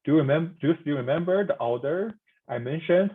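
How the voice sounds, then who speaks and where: A man teaching a pinyin pronunciation lesson, speaking haltingly with frequent restarts and repeated demonstration sounds. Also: fairly high pitch, expressive, slightly rough, phone-quality sound. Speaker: language instructor.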